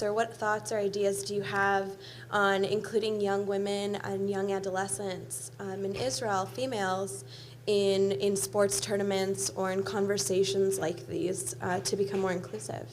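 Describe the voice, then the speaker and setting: A woman's voice: mid-range voice, little pitch movement, normal speed, a little hiss or hum. A young woman in the audience asking a careful, hesitant question with some fillers. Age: young adult.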